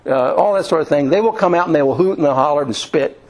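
A man from Indiana preaching a sermon in a folksy, storytelling way, often restarting and filling pauses. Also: on the high side, darkish tone, low-quality recording. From Indiana, USA.

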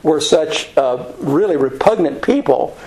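A man with a fairly high voice leads a casual Bible study. He tells the story in a rambling, folksy way, full of ums and restarts. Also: expressive, measured pace, vocal fry, a little mellow, low-quality recording. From United States. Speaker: Bible teacher.

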